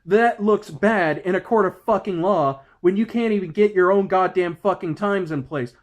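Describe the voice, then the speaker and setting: A man's voice: sits high, normal speed. A man in his thirties, a security guard, ranting angrily in a profane vlog. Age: 30s. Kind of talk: angry vlog rant.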